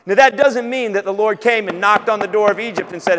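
A pastor with a Southern US accent delivers an earnest sermon, rising to loud urgency and dropping to near-hushed confession. His voice sits fairly high for a man, and a long hall reverb trails behind every phrase. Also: steady tone, a little fast, hardly any pauses.

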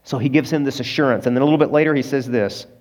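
A man preaching a sermon as a pastor. His delivery swings between loud emphasis and hushed, low moments, and he is emotional, close to tears. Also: racing.

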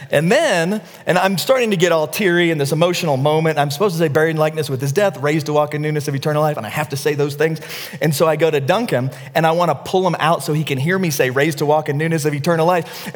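A middle-aged man preaches a sermon in a voice a bit higher than most men's. His delivery is lively and storytelling, falling to near whispers and climbing to excited near shouts. The sound carries a long reverb from the hall. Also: quick pace. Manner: storytelling, animated, swings from hushed to near-shouting. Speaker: pastor.

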